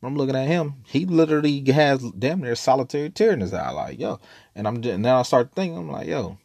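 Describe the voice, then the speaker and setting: A man's voice: mid-range voice, animated, a little fast, vocal fry, darkish tone, no room sound, clean studio sound. A man casually telling a story, laid-back and profane, rambling with frequent laughs.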